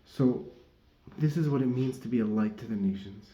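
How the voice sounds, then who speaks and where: Man giving a rambling, mellow Torah talk. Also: mid-range voice, moderate pace. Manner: rambling, self-correcting, laughs often. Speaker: Torah teacher. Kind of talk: casual religious teaching talk. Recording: dull, roomy recording.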